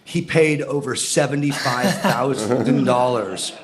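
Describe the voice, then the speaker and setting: Wry, measured male co-host. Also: mid-range voice. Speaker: podcast co-host. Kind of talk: casual chat.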